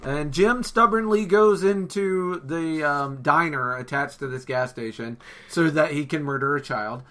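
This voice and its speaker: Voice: medium pitch, unhurried, fairly bright tone. A podcast co-host chatting casually and enthusiastically, swearing freely while retelling film scenes. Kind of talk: casual chat.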